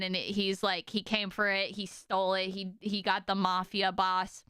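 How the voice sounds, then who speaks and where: A young woman streaming casually to her chat, telling stories in an animated, exaggerated way with lots of "like" and "okay?". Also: medium pitch, moderate pace, few pauses, clean tone, no room sound, clean studio sound.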